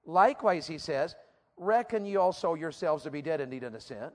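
A man's voice: a little high, animated, fairly quick, a little mellow. A man preaching a sermon to teenagers, asking emphatic, repeated rhetorical questions. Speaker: youth preacher. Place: church platform before a youth audience.

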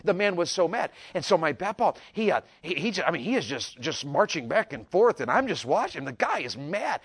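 A man telling a folksy personal story, animated and repetitive, rising to loud peaks. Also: fairly high pitch, fairly quick, hardly any pauses, husky. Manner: animated, repeats words, builds to loud peaks. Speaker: storyteller speaker.

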